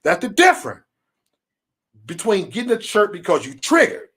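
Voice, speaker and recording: Man, AAVE, live stream host, profane rant, lively pitch. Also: moderate pace, slightly rough. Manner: animated, swearing, acts out quotes.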